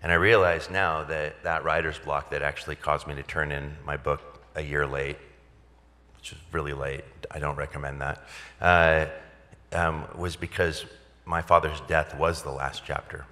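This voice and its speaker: A man's voice: rumbling low, little pitch movement, moderate pace, sharp tone, in a large hall. A man, a pastor, telling a personal story at a gala in a candid, conversational way with wry humor. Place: large event hall.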